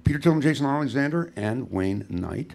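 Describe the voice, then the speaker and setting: A radio host rattling through banter and break announcements at a brisk clip, voice at an everyday pitch. The live stage mix carries a clear layer of noise behind him. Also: male voice, expressive. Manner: quick banter, steering to breaks. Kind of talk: live radio interview hosting. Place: live stage before an audience.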